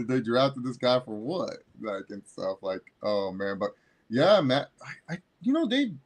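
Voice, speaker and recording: A man's voice: mid-range voice, animated, measured pace. A man co-hosting a sports podcast in casual chat, joking and swearing a lot while acting out coaches' phone calls.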